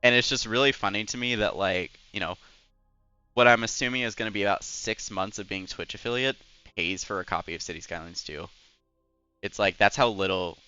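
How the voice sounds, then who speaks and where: A man's voice: lowish voice, fairly quick, sharp tone, smooth, muffled recording, soft background music. A young man who is a Twitch streamer, rambling in casual chat while gaming and filling his talk with "like" and "anyways.". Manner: rambling and chatty, full of "like" and "anyways".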